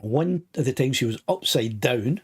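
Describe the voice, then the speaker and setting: Older Scottish host with a touch of throat trouble; rambling, chatty, reading out comments. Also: male voice, mid-range voice, animated, moderate pace, slightly rough. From Scotland. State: a bit of a sore throat. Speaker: live stream host. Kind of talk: casual live stream chat.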